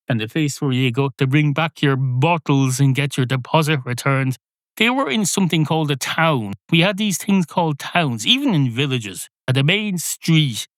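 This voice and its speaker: A man's voice: mid-range voice, no room sound. Middle-aged male podcast host, rambling sardonic monologue, dry close mic. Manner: digressive, sardonic, self-correcting.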